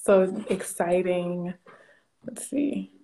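A woman's voice: fairly low pitch, level tone, drawn-out words, mellow. A woman from Louisiana, hosting a casual live stream. She is bubbly, laughs often and greets viewers by name. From Louisiana, USA.

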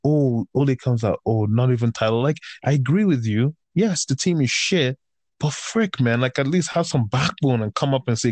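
A man's voice: mid-range voice, moderate pace, darkish tone, no room sound. A man ranting in casual chat, heated and profane, swinging between raised outbursts and tired, fed-up grumbling.

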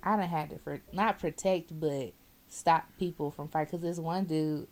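A woman's voice: sits low, moderate pace. A woman who drives a bus, chatting casually and telling blunt, profane work stories. She acts out the people in them. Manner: animated storyteller, acts out quotes, laughs often.

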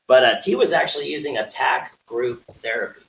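A man co-hosting a podcast, explaining counseling terms in a halting casual way. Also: medium pitch, expressive, vocal fry, fairly bright tone. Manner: explains with clinical terms, many "uh" pauses. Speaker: podcast co-host. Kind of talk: casual chat. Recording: roomy echo.

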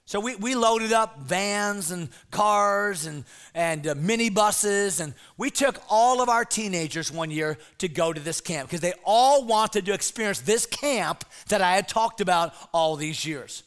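A middle-aged man preaching as a pastor, telling a comic story to teenagers with lively, shouted bits. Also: sits high, a little slow, hardly any pauses, smooth. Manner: animated storyteller, shouts put-on voices. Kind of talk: comic sermon to teens.

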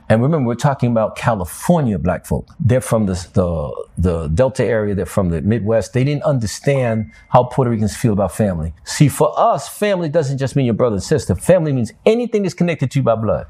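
An older man from New York, a guest telling stories from his life in an animated, streetwise way. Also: medium pitch, a little fast, slightly rough. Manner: animated storyteller, streetwise slang. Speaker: interview guest. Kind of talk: storytelling interview.

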